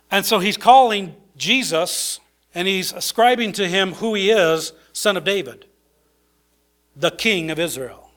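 A man preaching a sermon in a conversational way, with many fillers and restarts. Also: high voice.

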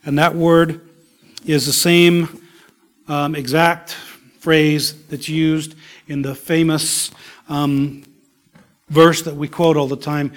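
A man preaching a sermon in a slow, emphatic way, dropping at times to a soft whisper. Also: on the high side, level tone. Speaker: pastor.

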